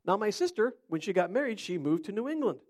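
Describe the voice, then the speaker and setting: Speaking fast in a high, sing-song voice with a slightly mellow quality, this Cleveland preacher in middle age chats with his congregation during an interactive sermon and calls on people by name to quiz them.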